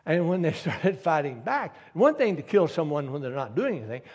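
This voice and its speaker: A man's voice: on the high side, sing-song, a little fast, darkish tone, husky. A man preaching a sermon, telling stories and building to emphatic appeals to his listeners. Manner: storytelling, rising to emphatic appeals. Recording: long hall reverb.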